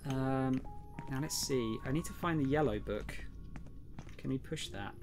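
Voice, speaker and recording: During a casual live gaming stream, a young man greets and chats with viewers, then mutters quietly as he solves puzzles. His medium-pitched voice keeps a measured pace, with music playing in the background.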